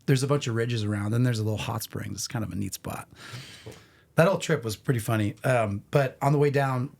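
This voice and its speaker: Male podcast guest, middle-aged, lively rambling storyteller. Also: mid-range voice, brisk, creaky. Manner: animated, rambling anecdotes with restarts. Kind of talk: casual storytelling.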